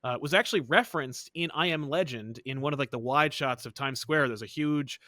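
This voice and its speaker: A man co-hosting a casual comic-book podcast, telling the story of a film project in an animated, joking way. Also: medium pitch, a little fast, dry recording, studio quality. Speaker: podcast co-host.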